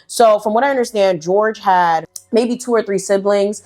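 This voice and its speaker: A woman's voice: mid-range voice, moderate pace, hardly any pauses, darkish tone. A young woman telling a casual storytime, candid and profane, full of "like" and "right". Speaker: storytelling vlogger.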